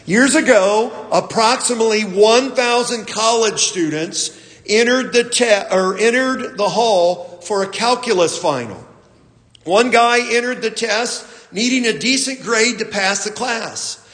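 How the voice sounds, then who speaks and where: A pastor delivers his sermon in a high voice, taking his time and pausing with fillers as he tells a story. His voice rings through a large, echoey church hall. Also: a bit bright. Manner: unhurried storytelling with fillers and restarts.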